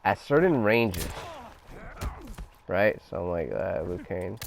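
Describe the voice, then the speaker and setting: A man's voice: deep voice, lively intonation, slow pace, creaky, long pauses, slight background noise. A young man giving a casual, profane gameplay tutorial, talking loosely over footage. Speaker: gaming guide creator.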